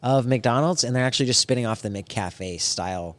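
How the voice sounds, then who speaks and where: A man's voice: medium pitch, fairly quick, no echo. A man co-hosting a podcast in casual chat, explaining things with wry, sarcastic asides.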